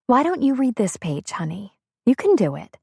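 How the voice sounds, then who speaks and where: In an audiobook character reading, a woman voices a calm, patient, reassuring pregnant mother, pitched above her own voice and heavily acted. Her voice is on the high side, creaky with a breathy edge, at normal speed. The recording is dry and studio quality.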